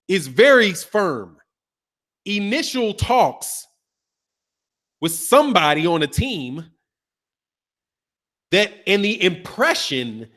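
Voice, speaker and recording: A man with a high-pitched voice hosts a boxing talk show, arguing a point to his viewers. He keeps repeating words and firing rhetorical questions in a loose, casual way, with some profanity and street slang. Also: a bit bright. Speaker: boxing channel host. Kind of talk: casual commentary to a live chat.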